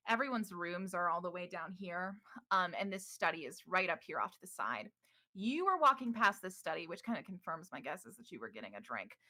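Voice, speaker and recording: A woman's voice: fairly low pitch, bright, forceful tone. A young adult woman narrating as game master in a chatty, affectionate way, with frequent ums.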